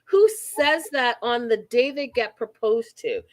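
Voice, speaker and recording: A woman from Canada hosting a casual reality TV recap, blunt and animated, acting out quotes. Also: on the high side, measured pace.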